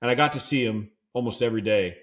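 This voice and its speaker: A man's voice: medium pitch, fast talker, fairly bright tone. A man co-hosting a podcast, telling a casual story and acting out the lines of the people in it. He leans on "dude" and "like" as he talks. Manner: laid-back storyteller who acts out quoted dialogue; peppers his talk with "dude" and "like". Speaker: podcast co-host.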